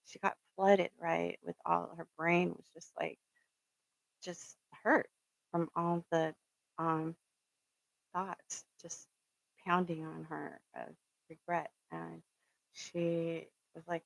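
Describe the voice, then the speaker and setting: Gravelly, low-voiced woman telling a rambling story. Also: level tone, slow pace, long pauses, no room sound, poor audio. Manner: rambling and storytelling, with many fillers; earnest and fired up, swears for emphasis. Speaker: spiritual reader and channel host. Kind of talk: casual motivational talk.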